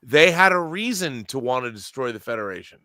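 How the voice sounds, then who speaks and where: A man's voice: medium pitch, very animated, fairly quick, pushed and bright, no echo. A man in casual podcast chat, emphatic and opinionated, swearing freely and restarting his sentences as he rants. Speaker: podcast co-host.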